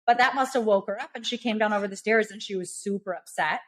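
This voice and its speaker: A woman in her thirties chats on a podcast in a casual, chatty way, telling a story and acting out what people said. Her voice sits at an ordinary middle pitch for a woman. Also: fast. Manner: chatty, animated storytelling with acted-out quotes. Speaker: podcast co-host, realtor.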